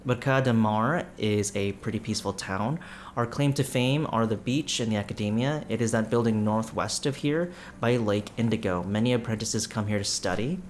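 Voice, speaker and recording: A man's voice: lowish voice, normal speed, a little hiss or hum, lightly acted. A man voicing a friendly, chatty local townsperson who welcomes a newcomer.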